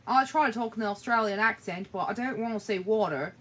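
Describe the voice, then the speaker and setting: A sleepy young woman streams from her phone in bed late at night, chatting in a rambling way and swearing casually. She speaks fast in a mid-range voice that is a bit bright, and there is a little hiss or hum.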